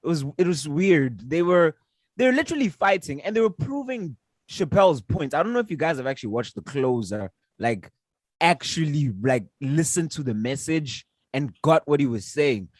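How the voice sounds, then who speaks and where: Man, podcast co-host, fairly high voice, heated and emphatic, dry sound. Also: very animated, moderate pace, no room sound. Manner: heated, emphatic storytelling, profane. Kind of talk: casual chat.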